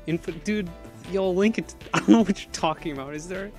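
A young man streaming a game, excitable and panicky, laughing often as he chats. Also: sits high, a little fast, faint music behind. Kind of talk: gaming livestream chat.

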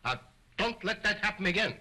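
A vain, domineering stage ventriloquist scolds in a stern, husky tone. His voice is high for a man and sharply bright, in early talkie acting style. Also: lively intonation, fairly quick, full character voice, rough recording. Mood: scolding.

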